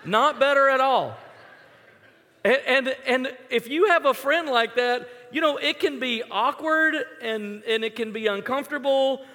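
Bright-voiced man preaching in a reverberant hall. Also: extremely high pitch, normal speed, few pauses. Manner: conversational, storytelling with acted-out quotes. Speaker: pastor. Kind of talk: sermon.

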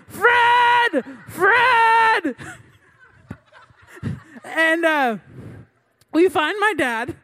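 A woman's voice: sits high, fairly bright tone. A young adult woman giving a sermon through a funny personal story, chatty and self-mocking, laughing between lines. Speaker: preacher.

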